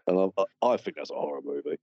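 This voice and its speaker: A man's voice: extremely low pitch, animated, fast talker, no room sound, dull audio. A man guest on a podcast, chatting casually with laid-back, short replies. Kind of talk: casual chat.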